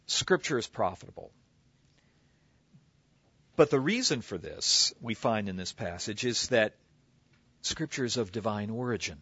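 A man's voice: fairly low pitch, lively intonation, moderate pace, pushed and bright, breathy edge, no echo. Man preaching a conversational teaching sermon. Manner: conversational teaching, explains word origins with asides. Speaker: pastor. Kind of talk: expository sermon. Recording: slightly dull lo-fi recording.

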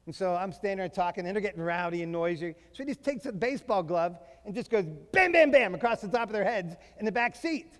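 A middle-aged man preaching a sermon to fathers. He is emphatic, slows down to stress key phrases and mixes in humorous family stories. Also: sits high, fairly bright tone. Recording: long reverb of a large hall.

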